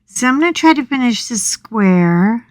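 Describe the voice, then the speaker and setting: Slow-talking animated woman telling a story. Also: on the high side, dry recording, clean studio sound. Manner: animated, dramatic retelling with yelps and swearing. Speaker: coloring channel host. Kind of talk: casual storytelling chat.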